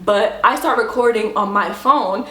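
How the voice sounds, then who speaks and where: A woman's voice: mid-range voice, measured pace. Sassy woman telling a story in an echoey room. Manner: sassy, profane, animated retelling. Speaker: rideshare driver. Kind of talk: casual storytelling to camera.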